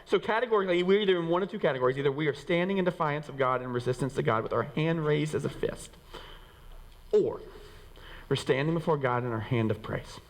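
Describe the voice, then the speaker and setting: A pastor preaching to his congregation at a rapid clip, lively and acting out what people say. His voice carries the long reverb of a church sanctuary. He swings his pitch up and down for emphasis. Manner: animated, acts out quoted voices, rises and drops in pitch. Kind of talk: sermon. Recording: reverberant hall.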